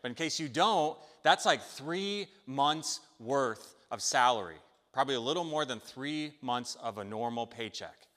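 A man preaching a sermon in a conversational, animated way, telling a story and checking in with the listeners. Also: mid-range voice, a little slow, few pauses. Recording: long hall reverb.

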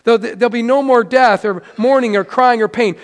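A middle-aged man preaching a sermon in a church in a conversational way, stumbling over restarts and sinking to soft, quiet lows. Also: fairly quick. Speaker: pastor. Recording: long hall reverb.

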